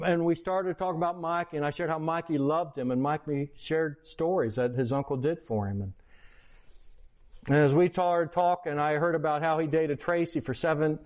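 A man, a pastor, preaching a sermon by retelling a personal story with quoted dialogue. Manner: animated retelling with quoted dialogue, pitch rising in excitement. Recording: lo-fi, dull sound.

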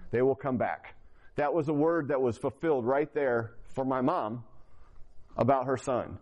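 A man's voice: medium pitch, normal speed, a little mellow. A man giving his testimony as a sermon to a congregation, telling his story earnestly and then urging listeners directly. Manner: direct exhortation to the audience.

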